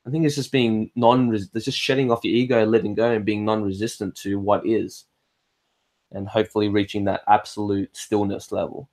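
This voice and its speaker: A man's voice: on the low side, level tone, moderate pace, darkish tone. Swearing Australian man, rambling chat. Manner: rambling and swearing, with frequent restarts; reads viewer comments aloud and answers them. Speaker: livestream host. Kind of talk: casual livestream chat.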